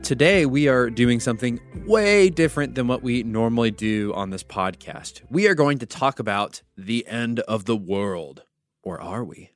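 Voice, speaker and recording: A man's voice: mid-range voice, normal speed, soft background music. A man hosting a devotional podcast, teaching with storytelling and wry asides. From United States. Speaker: podcast host.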